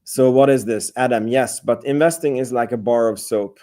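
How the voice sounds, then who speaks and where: This live stream host has a mellow, mid-range voice with fairly even intonation and a normal speaking speed. He talks casually about selling options, reading and replying to chat, rambling with frequent fillers and restarts.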